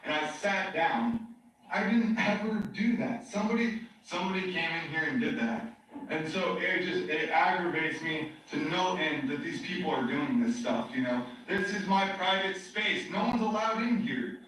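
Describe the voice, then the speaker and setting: An agitated man with a fairly high voice rambles on, circling back and stacking fillers as he rants. His recording sounds distant and heavily echoey, played back in a large room. A faint hiss sits underneath. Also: lively intonation, normal speed, fairly bright tone. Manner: agitated, ranting, repeats himself with many fillers. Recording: very echoey playback heard from far off.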